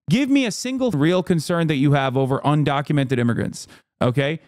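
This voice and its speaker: A man's voice: on the high side, a little fast, a little mellow, dry recording, clean studio sound. A man streaming live, reading the news aloud and reacting to it in heated, profane, incredulous rants. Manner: reads news articles aloud between remarks. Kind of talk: livestream reaction commentary.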